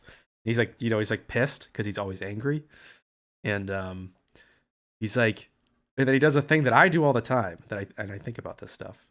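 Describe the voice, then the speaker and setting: A man's voice: lowish voice, a little fast, fairly bright tone. A man hosting a casual livestream chat, rambling, swearing freely and often restarting his sentences. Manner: rambling, profane, with frequent restarts. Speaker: livestream host.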